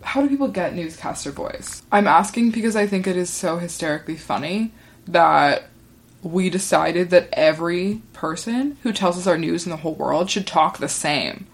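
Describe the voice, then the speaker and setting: Solo host, woman: casual, rambling monologue, filler-heavy, lowish voice. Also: moderate pace. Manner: chatty and rambling, many "like" fillers. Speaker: podcast host.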